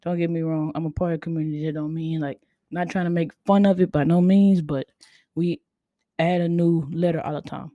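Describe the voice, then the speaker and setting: A woman hosting a casual podcast, talking in a laid-back, near-monotone way and sounding tired. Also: low-pitched, fairly quick, no echo, phone-quality sound. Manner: self-described monotone, laid-back delivery. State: tired, sleepy. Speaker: podcast host. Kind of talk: casual chat.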